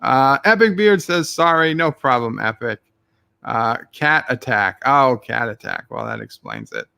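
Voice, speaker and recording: A man's voice: mid-range voice, big pitch swings, a little slow, vocal fry, pushed and bright, smooth, dry recording. A man streaming live, reading his chat messages aloud with dry joking asides.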